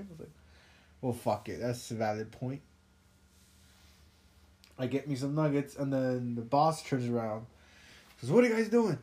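A man's voice: medium pitch, dark tone. A young man telling casual, profane work stories on a podcast with a laid-back, laughing manner. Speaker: podcast co-host. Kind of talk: casual storytelling chat.

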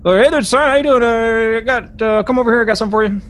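A man voicing a chatty, excitable male ship steward who talks fast and pushes people along. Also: extremely high pitch, voice pushed up. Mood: pushy cheerful. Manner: fast, jabbering, pushy.

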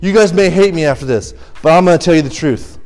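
A young man with a high voice preaches a sermon to a youth crowd. He pushes hard with question after question, urgent and exhorting. Faint music plays behind him. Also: fast talker, darkish tone.

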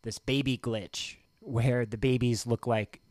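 A man's voice: mid-range voice, steady tone, unhurried, darkish tone, no echo. A man co-hosting a podcast, chatting casually in a rambling, hesitant way and swearing now and then. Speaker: podcast co-host. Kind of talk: casual chat.

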